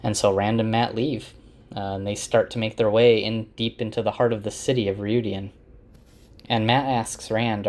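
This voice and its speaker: Man, lower voice, relaxed book recap, dips into character lines without fully acting them. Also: normal speed. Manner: chatty, loosely acts out characters' lines; laughs at funny moments. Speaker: book summarizer. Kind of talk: casual retelling of a novel.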